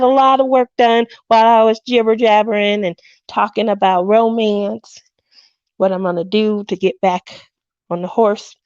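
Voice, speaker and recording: A woman's voice: medium pitch, steady tone, normal speed, a little mellow, smooth, dry recording, highs cut off. A woman in her fifties hosting a craft livestream, chatting casually and telling stories with frequent laughs, acting out what people said. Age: 50s. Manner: chatty storyteller who laughs often and acts out quotes.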